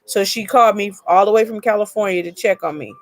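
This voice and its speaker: A woman's voice: mid-range voice, fast. A woman hosting a casual live chat, telling a long personal story in a rambling way and greeting viewers by name.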